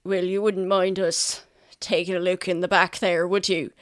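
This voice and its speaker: A woman's voice: fairly low pitch, little pitch movement, normal speed, no room sound, clean studio sound, lightly acted. A woman voicing a suspicious male road guard, blunt and questioning. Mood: probing.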